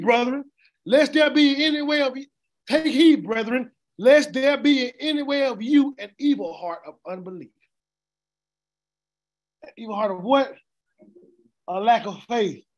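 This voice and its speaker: A man's voice: very high voice, fairly bright tone. A man preaching an interactive Bible teaching, asking the congregation questions and repeating words as he reads scripture. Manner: call-and-response questioning, stammering repeats. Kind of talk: interactive sermon.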